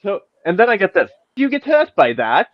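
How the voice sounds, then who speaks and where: A man hosts a casual podcast chat, reading out tweets from an online argument while mocking them and swearing. His voice sits high, with wildly swooping pitch, at a moderate pace. The lo-fi recording sounds dull and dry, with no echo.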